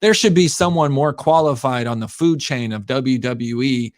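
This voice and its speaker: A man's voice: medium pitch, normal speed, darkish tone, dry recording, clean studio sound. A man hosting a casual wrestling podcast, talking bluntly with strong opinions and casual swearing. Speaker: podcast host. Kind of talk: casual chat.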